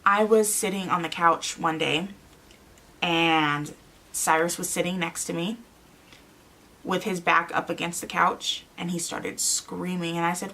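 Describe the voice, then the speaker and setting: A young adult woman telling a story to camera in a casual vlog, anxious and quick to quote her own reactions. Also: fairly low pitch, fairly even intonation, pushed and bright. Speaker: vlogger.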